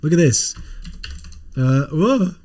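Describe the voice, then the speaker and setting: A man's voice: on the high side, sing-song, takes it slowly, mellow, a little hiss or hum. A man co-hosting a livestream podcast, rambling casually and swearing while showing off toys. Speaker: podcast co-host.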